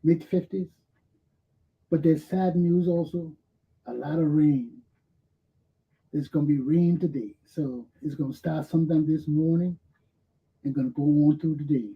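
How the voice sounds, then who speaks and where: A man's voice: fairly high pitch, muffled recording. A man hosting a talk show, greeting listeners in a chatty, folksy way. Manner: chatty, folksy, gives weather and apologies. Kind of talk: casual talk show opening.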